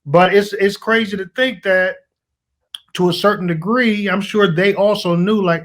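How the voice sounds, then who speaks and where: A man's voice: high voice, steady tone, moderate pace, fairly bright tone. A man co-hosting a casual podcast, adding short remarks and agreeing with his partner. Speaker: podcast co-host. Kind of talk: casual chat.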